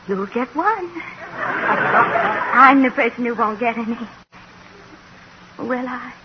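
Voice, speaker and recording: Shy, lonely spinster. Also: female voice, on the high side, animated, slow. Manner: timid and wistful, then coyly forward. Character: shy, lonely spinster in a bashful office romance. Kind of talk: 1940s radio acting. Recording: dull, hissy old radio recording.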